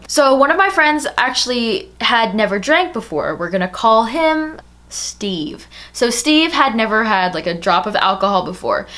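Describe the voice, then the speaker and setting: A woman's voice: on the high side, very animated, normal speed, a bit bright. Chatty young woman telling a story. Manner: chatty, fillers of "like" throughout. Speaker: storytime vlogger. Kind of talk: casual storytelling.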